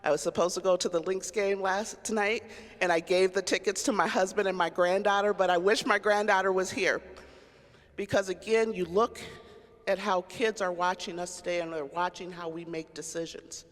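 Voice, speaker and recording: A woman's voice: lowish voice, fairly even intonation, moderate pace. A middle-aged woman, a county sheriff, giving a candid personal storytelling speech and acting out the voices she quotes. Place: large cathedral. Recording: long hall reverb.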